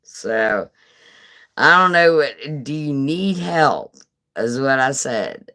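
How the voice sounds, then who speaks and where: A woman's voice: extremely low pitch, animated, takes it slowly, bright, forceful tone. A middle-aged woman telling a rambling story on a live stream, swearing freely and breaking into laughter. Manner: rambling, profane, laughing asides.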